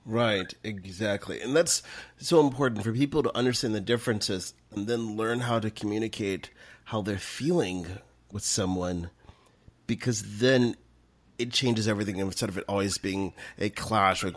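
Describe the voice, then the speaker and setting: Male podcast host, fairly low voice, affirming and building on the guest's points. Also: moderate pace. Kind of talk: conversational podcast interview.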